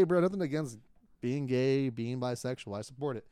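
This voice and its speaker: A young man co-hosting a casual podcast, retelling a story in an animated, profane way with frequent laughter. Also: mid-range voice, moderate pace, smooth, dry recording. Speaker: podcast co-host.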